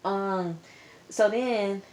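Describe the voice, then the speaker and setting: A woman's voice: mid-range voice, drawn-out words, darkish tone. A woman casually recapping a reality TV episode in a chatty, slangy, exasperated way. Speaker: TV show reviewer.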